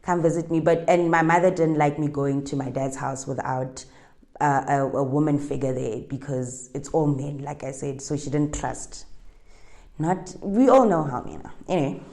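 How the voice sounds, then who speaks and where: A woman's voice: extremely low pitch, normal speed, darkish tone. A young woman with a South African accent telling a personal story in a chatty, winding way, dropping Setswana phrases into her English. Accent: South African, Setswana-speaking. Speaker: interviewee.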